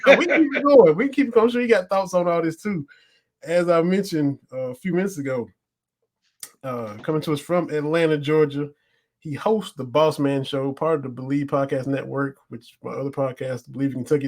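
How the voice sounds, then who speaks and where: A man's voice: a little high, fairly quick. A man hosting a casual podcast chat, easygoing in manner, introducing his guest with enthusiasm. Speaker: podcast host.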